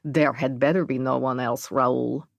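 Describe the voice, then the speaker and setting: Woman doing a throaty eastern european lady, brash and mocking, low voice, dry. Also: fairly even intonation, measured pace, vocal fry, no echo, full character voice. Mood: defensive. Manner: throaty, brash, broken English. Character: woman tenant sex worker, haughty and mocking.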